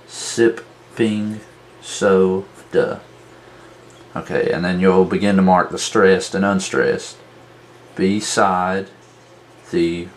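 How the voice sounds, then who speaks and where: A man teaching a tutorial at a worksheet, talking slowly and drawing out syllables to show their stress. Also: low-pitched, slight background noise. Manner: slow, deliberate, drawn-out syllables. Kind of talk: whiteboard tutorial.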